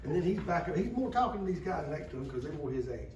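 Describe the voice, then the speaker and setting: Animated man telling a story. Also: fairly high pitch, quick pace, a little hiss or hum. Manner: animated, folksy, emphatic. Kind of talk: live comic storytelling. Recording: echoey room, distant mic, loud audience.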